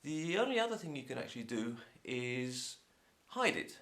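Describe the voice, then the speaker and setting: Gravelly Home Counties Englishman, stuffy-nosed. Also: mid-range voice, moderate pace. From England. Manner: chatty, opinionated, lively. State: sore throat and blocked nose. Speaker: English teacher. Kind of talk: casual talk to camera.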